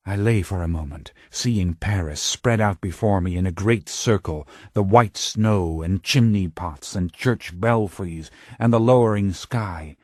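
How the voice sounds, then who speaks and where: Slow, low-voiced male audiobook narrator. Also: darkish tone, no room sound, clean studio sound. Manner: slow, low and intense, rising to urgent cries.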